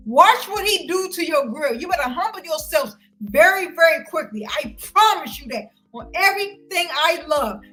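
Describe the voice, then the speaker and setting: This woman's profane livestream rant to viewers is loud, heated, and confrontational, full of curses, delivered in a high, bright voice. The recording is rough.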